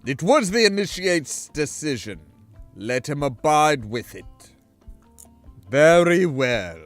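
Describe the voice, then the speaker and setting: A man's voice: a little high, sing-song, slow, no echo, faint music behind, voice pushed down. A man voicing an ardent, formal male council wizard, ceremonious and firm.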